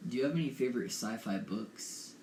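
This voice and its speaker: A man's voice: mid-range voice, fairly quick, darkish tone. A young man co-hosting a casual podcast, hesitant and repeating himself, recorded in an echoey room. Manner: hesitant, repeats his words. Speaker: podcast co-host. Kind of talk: casual chat. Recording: echoey room with faint noise.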